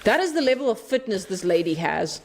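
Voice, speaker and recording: A woman's voice: mid-range voice, big pitch swings, fairly quick, slight background noise. A woman streaming a game, chatting away casually, playful, laughing often and swearing freely. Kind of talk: casual live-stream chat while playing.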